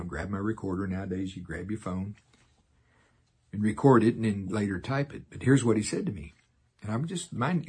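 Deep, very husky older male preacher. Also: a little mellow. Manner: folksy, laughs often, slows into solemn repetition. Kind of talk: sermon.

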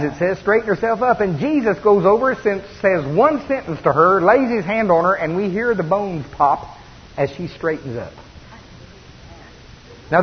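A man preaches with a high, lively voice, telling the story in a folksy way with bursts of laughter. The sound is dull and lo-fi, with a long reverb from the hall and a faint hiss underneath. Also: breathy edge. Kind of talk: sermon.

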